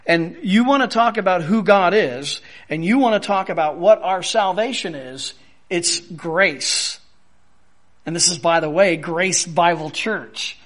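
A male pastor delivering a sermon in a high, tenor-range voice. He speaks slowly and deliberately, stressing key words and repeating phrases for emphasis. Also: a bit bright.

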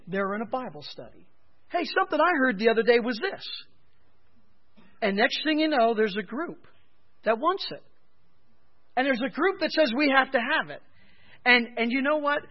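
A male pastor preaching a sermon, emphatic, often raising his voice to drive points home. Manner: emphatic, rising in pitch and volume for stress. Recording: dull lo-fi sermon recording.

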